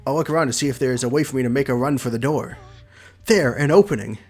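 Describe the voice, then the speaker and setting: A man's voice: medium pitch, fast, darkish tone, faint music behind. A young man streaming a visual novel, reading it aloud with playful, chatty commentary. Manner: playful, chatty, laughs between lines.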